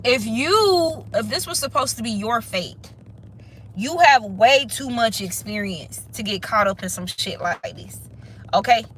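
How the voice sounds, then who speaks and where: A woman gives a casual spiritual reading with a bright, sharp-edged voice that sits a little high. She is blunt and emphatic, and cusses freely. She keeps checking in with the listener as she goes. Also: animated, measured pace, slight background noise, rough recording. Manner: blunt, profane, emphatic, repeats "okay?". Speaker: tarot reader.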